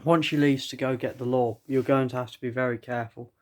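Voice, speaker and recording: A man's voice: mid-range voice, fairly even intonation, fast. A man reading an AI-written second-person story aloud, often stopping to comment and laugh at it. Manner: breaks into laughter, comments between lines.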